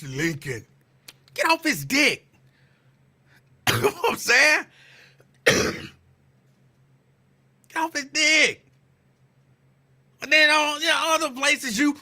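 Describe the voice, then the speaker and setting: A man's voice: very high voice, big pitch swings, slow, long pauses, sharp tone. A man hosting his own podcast, teasing and calling someone out in a profane, repetitive casual rant. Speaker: podcast host.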